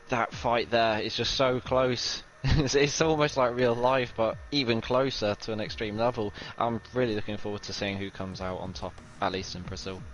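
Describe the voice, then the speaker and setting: A man's voice: fairly low pitch, fairly bright tone, slight background noise, rough recording. A man co-commentating a racing league stream in a casual, rambling way, laughing often. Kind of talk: live sim racing commentary.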